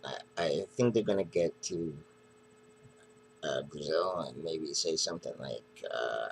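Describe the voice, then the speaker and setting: A man's voice: extremely low pitch, a little slow, gravelly, long pauses, a little hiss or hum, rough recording. A man casually reviewing a comic book, retelling the story in a rambling, hesitant way.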